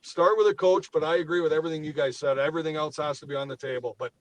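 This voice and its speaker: A man co-hosting a sports podcast in a fired-up rant. His voice sits a little high and he curses freely. He keeps pushing his point hard. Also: fairly even intonation, racing, crowd noise, rough recording. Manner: fired up, swears freely, ranting. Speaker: podcast co-host. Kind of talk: heated sports talk.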